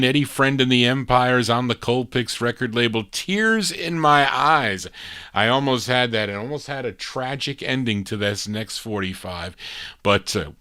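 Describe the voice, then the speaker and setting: A middle-aged man hosting a live record show in a relaxed, chatty manner. His voice sits at an ordinary pitch and sounds close and dry, with no room echo. He jokes at his own expense between songs. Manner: relaxed, chatty, self-deprecating. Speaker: radio DJ host.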